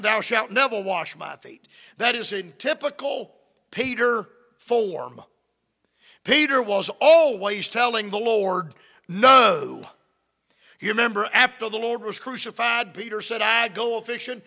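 A man's voice: high voice, sharp tone, long reverb tail. A man preaching a fervent sermon, reading scripture and acting out the quoted lines.

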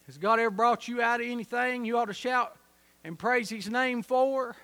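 A man preaching a sermon, telling a story and building to loud, emphatic peaks. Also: very high voice, normal speed.

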